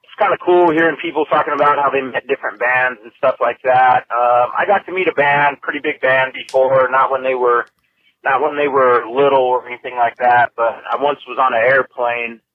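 A man's voice: medium pitch, fairly even intonation, brisk. A man leaving a chatty, hesitant voicemail, full of ums. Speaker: voicemail caller. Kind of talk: casual voicemail. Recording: dull lo-fi voicemail.

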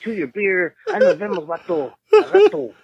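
A man doing a swaggering, laid-back barrio guy with a Chicano accent, talking high and slangy. It comes through as a voicemail with loud crowd noise behind it. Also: wildly swooping pitch, moderate pace, creaky, highs cut off, exaggerated voice. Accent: Chicano English. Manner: exaggerated put-on drawl, slangy and rambling. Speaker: voicemail caller.

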